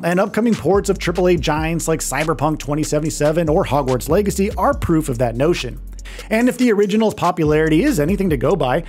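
A man narrating a scripted tech video in a lively read that often drops in pitch at the ends of clauses. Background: faint background music.

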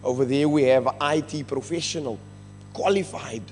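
A man's voice: mid-range voice, normal speed, a little mellow. A South African man stands before a congregation and gives an earnest, emotional testimony, slipping between English and Afrikaans. His voice rings out through a large, reverberant church hall, with faint music underneath. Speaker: rehab ministry member giving thanks.

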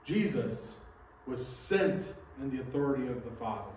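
A man's voice: medium pitch, expressive, normal speed, a little mellow, a little hiss or hum. A man, a pastor, preaching a sermon in a church and explaining his points earnestly with rhetorical questions. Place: church sanctuary. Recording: echoey hall, mic from a distance.

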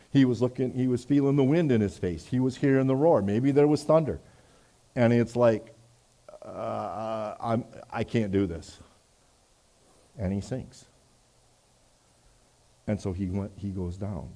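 A man preaching a sermon, reading scripture aloud and adding conversational asides in a church. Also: fairly low pitch. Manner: conversational, many "you know" asides, swings between loud reading and quiet reflection. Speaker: pastor.

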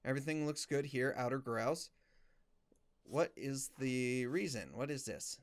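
A man's voice: medium pitch, lively intonation, measured pace. A young man giving let's play commentary, muttering as he reads documents aloud. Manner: muttering while reading game documents aloud. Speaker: gamer.

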